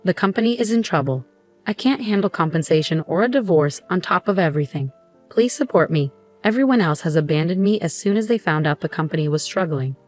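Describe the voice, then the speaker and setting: A woman's voice: lowish voice, expressive, a little fast, a little mellow, soft background music. A woman voicing a bitter, desperate husband in a narrated story. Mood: pleading. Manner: bitter, accusing.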